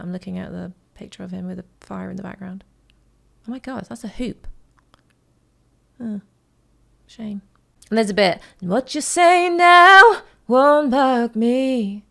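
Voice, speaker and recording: A woman's voice: medium pitch, gravelly. A woman vocal coach talking casually to her viewers about a song, chatty and rambling, with lots of fillers and affectionate asides. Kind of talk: casual reaction vlog.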